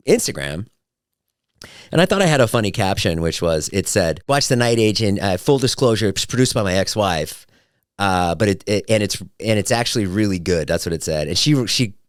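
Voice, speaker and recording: With a deep voice, a man runs his own podcast in a relaxed, chatty way, acting out quotes as he tells his stories with lively energy. The recording is dry and has clean studio sound.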